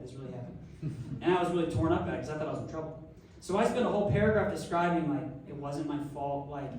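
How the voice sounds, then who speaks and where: A young adult man, a pastor, giving a sermon through an animated, self-deprecating personal story. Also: a little high, slight background noise. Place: church sanctuary. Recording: echoey church hall from far off.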